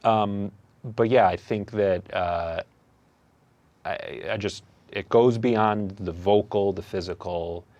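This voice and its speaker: Young male comedian-host, low-pitched, thoughtful and halting, casual interview talk. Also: darkish tone, no room sound, lo-fi sound. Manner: reflective, hesitant, many fillers and restarts.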